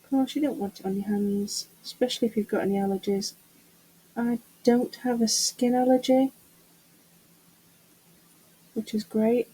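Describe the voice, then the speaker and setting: A woman's voice: mid-range voice, mellow, slightly rough, low-quality recording. A middle-aged woman chatting casually to camera while doing a resin craft, muttering to herself and teasing herself about her mess. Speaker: craft vlogger.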